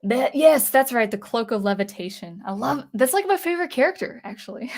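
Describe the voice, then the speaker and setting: A woman's voice: a little high, expressive, fairly quick, a little mellow. A young adult woman hosting a casual livestream, reading chat comments aloud in a chatty, hesitant way with many fillers and restarts. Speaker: livestream host.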